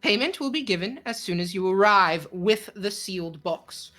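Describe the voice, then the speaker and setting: A woman voicing a menacing, calm male crime boss in a tabletop game, speaking smoothly and with cold politeness. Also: medium pitch, faint music behind, voice pushed down. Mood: businesslike. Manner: smooth, coldly polite, slow and deliberate.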